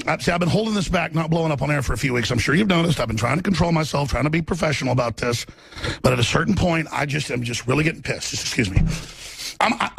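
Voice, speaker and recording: A man hosting a talk radio show, delivering a furious, shouting tirade with stammered restarts. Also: on the high side, gravelly, husky. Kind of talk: angry ranting talk radio monologue.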